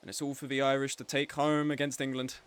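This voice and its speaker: A man's voice: mid-range voice, little pitch movement, fast, a little hiss or hum. A young man giving live, joking play-by-play commentary on a game tournament as the streaming host. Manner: chatty and joking, with frequent laughs.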